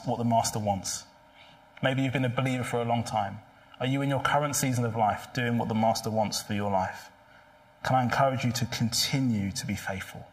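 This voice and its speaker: A man preaching a sermon in a church, earnest and pleading, asking many rhetorical questions. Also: mid-range voice. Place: church hall.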